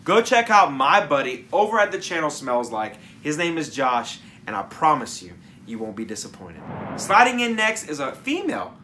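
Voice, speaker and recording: A man's voice: fairly high pitch, very animated, moderate pace, pushed and bright, a little hiss or hum. A man hosting his own fragrance review channel, talking to camera in a casual, enthusiastic and rambling, off-the-cuff way. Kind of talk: casual vlog talk to camera.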